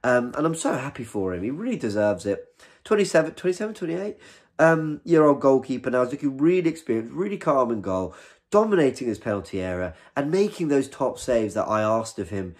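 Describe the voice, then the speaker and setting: A man hosting a fan channel, giving a casual, candid post-match review to camera. He restarts sentences often and gets excited when praising a save. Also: medium pitch, a little fast. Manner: chatty, candid, with frequent restarts. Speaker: football fan channel host.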